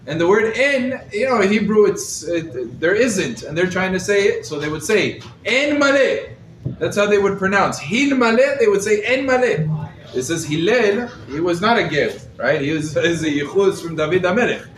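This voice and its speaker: A man, a rabbi, giving a lively Torah class to a live group, quizzing his listeners and using Hebrew terms, recorded from across the room. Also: high-pitched, normal speed, hardly any pauses. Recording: roomy echo, mic set far off, faint background noise.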